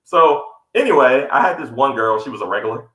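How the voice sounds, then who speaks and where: A man's voice: mid-range voice, a little fast. A man co-hosting a podcast, telling a story in casual chat and acting out the quotes with a raised voice. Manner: animated, acts out quotes in a raised voice. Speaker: podcast co-host. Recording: echoey room.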